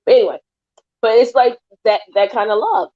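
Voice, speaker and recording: A woman talking in a casual podcast chat, emphatic and animated, sometimes drifting off topic. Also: on the high side, fairly quick. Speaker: guest. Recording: dull lo-fi audio.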